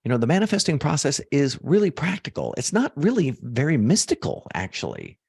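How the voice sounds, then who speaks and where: A man coaching an audience on manifestation, talking casually and swinging from soft low asides to loud emphatic bursts. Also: wildly swooping pitch, brisk, vocal fry, husky. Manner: casual, uses fillers like "like" and "you know". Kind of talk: motivational teaching talk to an audience.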